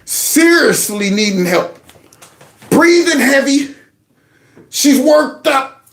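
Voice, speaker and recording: A man giving political commentary over clips, his pitch leaping up and down as he mocks what he hears. He talks casually and sarcastically, in a room with a noticeable echo. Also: slow. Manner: animated, mocking, mimics others in exaggerated voices. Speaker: commentary channel host.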